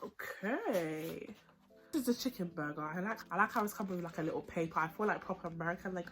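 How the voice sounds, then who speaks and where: Here a young woman from the UK talks quickly in a lowish voice, munching as she reviews food and a film for her vlog. The mukbang chat is casual, excitable and peppered with slang.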